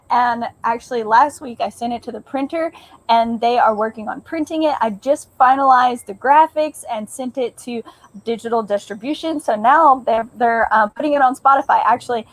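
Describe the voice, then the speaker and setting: A woman's voice: fairly high pitch, poor audio. A young woman, a fiddler chatting upbeat as a guest on a video call. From United States. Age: young adult. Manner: upbeat, chatty, filler-heavy. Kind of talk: casual interview chat.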